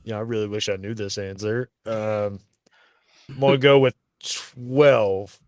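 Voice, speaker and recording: A man's voice: on the low side, steady tone, measured pace, dry recording. A man playing in a tabletop game, hesitant and wry. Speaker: player. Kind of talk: casual tabletop play.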